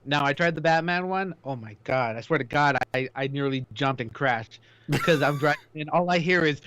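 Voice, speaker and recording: A man co-hosting a radio show, telling stories in an animated way and acting out the lines he quotes. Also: a little high, a little fast, background noise. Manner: animated storyteller, acts out quotes. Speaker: radio co-host. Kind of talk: casual radio banter and promo voiceover.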